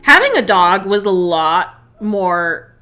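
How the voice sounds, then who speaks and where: A woman's voice: mid-range voice, sing-song, slow pace, bright, forceful tone, soft background music. A young woman telling a casual story-time vlog, chatty and swearing a lot. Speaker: vlogger.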